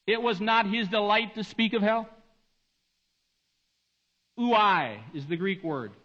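A man preaching a sermon, swinging between hushed, slow passages and emphatic, rising delivery. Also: high voice. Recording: dull lo-fi recording.

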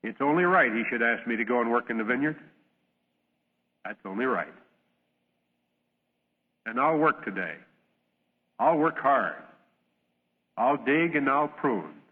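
A man's voice: mid-range voice, expressive, husky. A man preacher voicing a churlish young son in a parable, complaining and balky, on a tinny old radio broadcast with long reverb. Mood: remorseful. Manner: defiant then remorseful, drawn-out complaining.

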